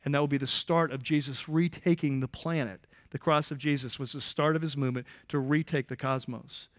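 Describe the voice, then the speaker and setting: Male pastor, fairly high voice, casual and lively sermon delivery with quick asides to the congregation. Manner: conversational and animated, with restarts and asides to the congregation.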